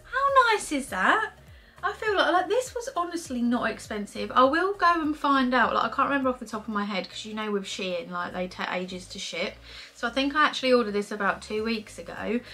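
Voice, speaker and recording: A young woman reviewing makeup in a chatty, excitable vlog, peppering her talk with fillers. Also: fairly high pitch, fairly quick, faint music behind. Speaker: beauty vlogger. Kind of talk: casual product review.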